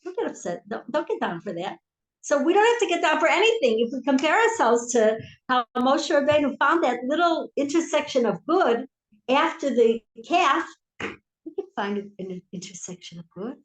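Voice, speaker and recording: A woman teaching a relaxed Torah class, her voice sitting a little high. She drifts from quiet, murmured asides to strong, emphatic points. The echoey synagogue hall rings around her. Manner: animated, swings from soft to emphatic. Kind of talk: informal Torah class storytelling. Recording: echoey room.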